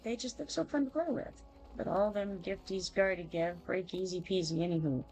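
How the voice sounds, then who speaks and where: A woman's voice: lowish voice, normal speed, darkish tone, faint music behind, natural voice, poor audio. A woman voicing a mischievous little male goblin helper who speaks in broken baby-talk grammar, reading quest dialogue aloud. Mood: impish.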